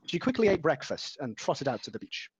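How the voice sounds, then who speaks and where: A man reads a story aloud with a slightly high, husky voice that rises and falls a lot. He stumbles over words and restarts them. It sounds like a casual reading among friends rather than a polished performance. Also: very animated, brisk, lo-fi sound. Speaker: amateur reader.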